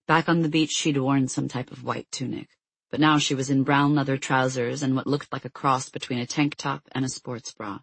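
An audiobook narrator tells the story in a steady, measured way. The voice is somewhat husky and sounds dry and close. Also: mid-range voice, no room sound.

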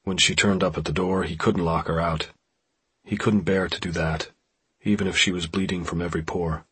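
A deep-voiced man narrates a novel in a steady, measured way. His voice is very husky and breathy, low in pitch. The recording is dry and close, with no room sound. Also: dry recording. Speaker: audiobook narrator. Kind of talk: scripted narration.

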